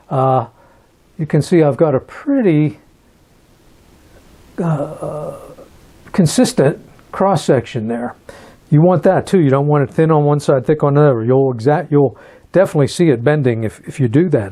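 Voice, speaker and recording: Man, metalsmith instructor, hands-on demo, halting, repeats himself while working, mellow. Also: a little high. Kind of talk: hands-on demonstration.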